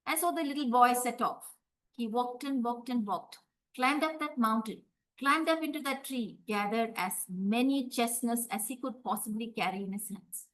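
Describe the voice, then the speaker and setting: A woman telling a folktale, drawing words out and pausing for effect. Her voice sits somewhat high and stays expressive throughout. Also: poor audio. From India. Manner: expressive, drawn-out, dramatic pauses. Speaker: storyteller. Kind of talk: folktale storytelling.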